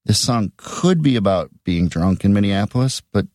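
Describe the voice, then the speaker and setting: A middle-aged man, a musician guest in a casual interview, talking haltingly and repeating words. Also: on the low side, expressive, darkish tone, dry recording, studio quality.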